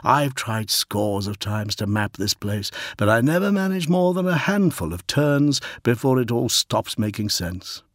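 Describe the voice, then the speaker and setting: A man's voice: medium pitch, very animated, unhurried, few pauses, no echo, clean studio sound. A man voicing a weary, resigned veteran male warrior in an audiobook, sounding tired.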